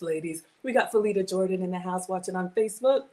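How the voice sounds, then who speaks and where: A woman's voice: fairly low pitch, quick pace, warm tone. A woman in her forties hosting a casual home cooking livestream from her kitchen, chatty and greeting viewers by name.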